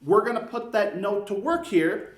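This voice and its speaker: A man's voice: high-pitched, big pitch swings, moderate pace. A man teaching beginners a brass lesson step by step, counting beats aloud and encouraging them. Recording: echoey room, mic at a distance.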